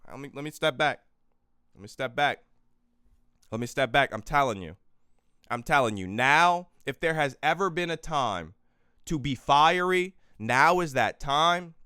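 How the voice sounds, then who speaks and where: A man hosting a political livestream, tired and exhausted, swinging between quiet weary stretches and loud profane outbursts into a close microphone. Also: medium pitch, lively intonation, measured pace, clear, resonant tone, no room sound. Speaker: livestream host. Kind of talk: impassioned political livestream rant.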